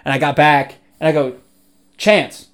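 A man's voice: fairly high pitch, a little fast. Young man swapping old stories. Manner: laughing storyteller, swearing, loud when acting out quotes. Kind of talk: casual chat. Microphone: on camera.

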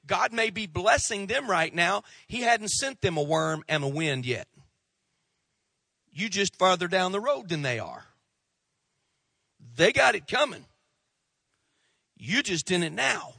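A man preaching a sermon as pastor, swinging between loud rising outbursts and hushed drops. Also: sits high, expressive, a little slow, gravelly, breathy edge, no room sound.

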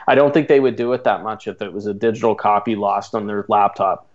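A man's voice: fairly low pitch, fairly even intonation, fast. A man with a Canadian accent, chatting casually as a guest about his newsletter, laughing easily. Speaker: guest, coaching newsletter publisher. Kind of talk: casual interview talk. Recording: lo-fi sound.

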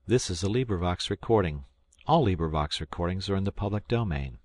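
A man from South Carolina narrating a public-domain audiobook in a measured, steady reading. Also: sits low. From South Carolina, United States. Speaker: volunteer audiobook reader.

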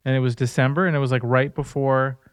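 Earnest, smooth-voiced man on a podcast. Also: mid-range voice, level tone, fast talker, dry recording, clean studio sound. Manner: earnest storytelling. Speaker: podcast co-host. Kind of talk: casual faith-based podcast chat.

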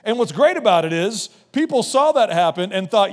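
A middle-aged man with a fairly high voice preaches to a church, punchy and playful, throwing in quick jokey voices. His words ring out with a long reverb, like a large sanctuary. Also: sing-song. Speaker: guest preacher. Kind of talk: energetic sermon.

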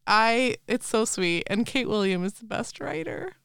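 A woman's voice: fairly high pitch, animated, measured pace, gravelly, fairly bright tone, clean tone, dry recording, clean studio sound. A woman hosting a podcast in casual chat, bubbly and laughing often. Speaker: podcast host.

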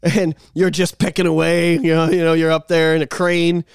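A man co-hosting a casual podcast, animated and profane, acting out shouted bits in comic stories. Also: on the high side, normal speed, vocal fry, smooth, no room sound. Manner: animated, swearing, acts out loud shouted bits. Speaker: podcast co-host. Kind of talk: casual chat. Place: small home studio.

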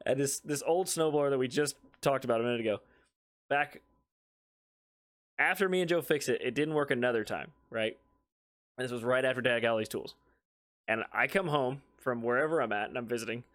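A young man chatting on a podcast with a fairly high, very lively voice that swings widely in pitch. He tells stories animatedly, laughs often and jumps up when quoting himself. Casual co-host energy throughout. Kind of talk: casual chat.

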